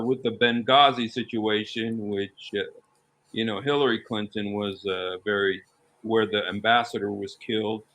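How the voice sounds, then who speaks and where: A man's voice: medium pitch, a bit bright. A man guest in a casual talk who reads passages aloud and keeps exclaiming "wow". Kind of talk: casual conversation.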